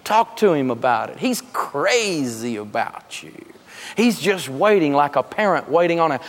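High voiced guy doing a funny money seminar, laughs at his own stories, long echo like a big hall. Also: moderate pace. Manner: animated storyteller, laughs through his jokes. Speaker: personal finance teacher and radio host. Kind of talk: humorous live seminar teaching.

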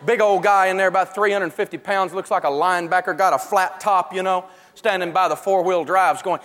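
A middle-aged man teaching finance with lively, story-driven humor. His voice is pitched high for a man. The long echo of a large hall follows him, with a faint hiss underneath. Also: brisk, hardly any pauses. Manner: animated storyteller. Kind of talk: humorous lecture to a live audience.

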